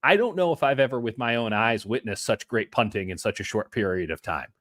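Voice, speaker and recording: A man co-hosting a casual sports podcast over a video call, talking in an animated way with playful asides. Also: mid-range voice, brisk, no room sound, studio quality. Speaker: co-host.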